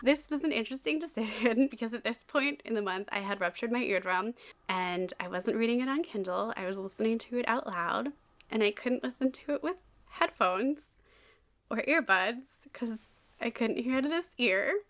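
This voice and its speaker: A young woman gives a casual book review, lively and laughing often. Her voice sits a little high and has a bright, forward edge. She talks as if to friends. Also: normal speed. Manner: chatty and animated, laughing often.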